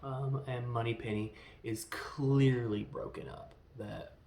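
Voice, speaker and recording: A man's voice: mid-range voice, steady tone, slow pace, darkish tone, slight background noise. A man giving a casual film review, retelling the plot in a rambling, enthusiastic way with lots of fillers. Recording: roomy echo.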